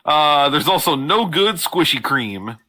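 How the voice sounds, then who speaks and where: A man's voice: fairly high pitch, animated, a little slow, pushed and bright. A man co-hosting a casual comedy podcast, joking and giggling through his stories. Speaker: podcast co-host.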